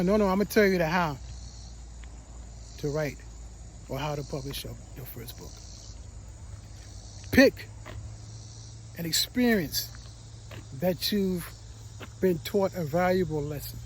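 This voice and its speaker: A man giving a motivational talk, telling a personal story with emotion, repeating words and dropping to a quiet voice. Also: sits high, expressive, measured pace, long pauses, a little hiss or hum, rough recording. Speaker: motivational speaker.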